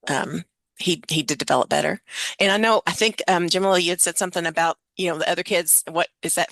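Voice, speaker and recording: A woman's voice: fairly low pitch, quick pace, fairly bright tone, no echo. A woman host in a conversational presentation, explaining ideas through examples.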